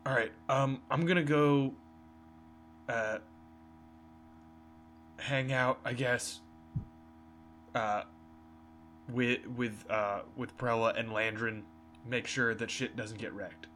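A man's voice: medium pitch, fairly even intonation, takes it slowly, long pauses, a bit bright, slight background noise. A man playing a tabletop role-playing game, laid-back and hesitant with many fillers. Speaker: player.

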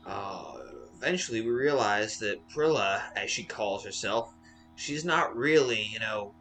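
Guy playing a rattled sailor, stops and starts a lot, bright voice. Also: on the low side, a little hiss or hum, pitched below the performer's own voice. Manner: halting, hesitant. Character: shaken young sailor man, rattled.

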